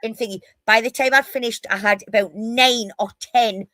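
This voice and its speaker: A woman's voice: on the high side, fairly even intonation, moderate pace, a bit bright, no echo. Brash, swearing Geordie woman. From North East England. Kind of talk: casual storytelling on a live stream.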